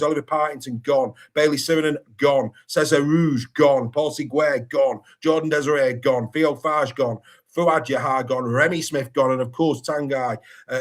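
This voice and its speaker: A man hosting a sports podcast in casual chat, lively and good-humoured as he stumbles over hard names. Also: medium pitch. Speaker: podcast host.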